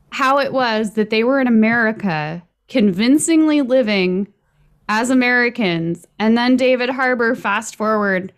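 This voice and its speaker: A woman chatting casually on a podcast, opinionated and self-deprecating. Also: on the high side. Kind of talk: casual chat.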